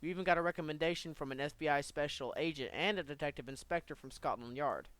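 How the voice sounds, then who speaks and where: A man reading a small-town police captain's lines from a game aloud, in a casual, flat way. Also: a little high, quick pace, no echo, close to an everyday voice.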